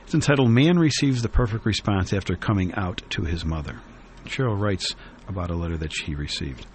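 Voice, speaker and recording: A man hosting a radio talk show, reading a newspaper column aloud in an earnest, reflective way with many pauses and fillers. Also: sits low, expressive, slight background noise.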